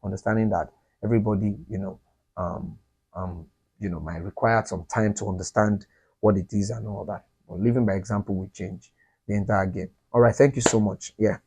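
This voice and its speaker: A man's voice: on the low side, steady tone, fairly quick, darkish tone, breathy edge. A male pastor answering audience questions in an earnest, repetitive teaching style, laughing now and then. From Nigeria.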